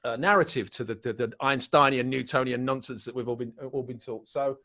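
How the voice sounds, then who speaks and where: A man's voice: mid-range voice, a little fast, pushed and bright. A middle-aged man from Essex with an Essex English accent, chatting casually as a guest and rambling with frequent restarts. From Essex, England. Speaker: musician and author guest. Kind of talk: casual chat.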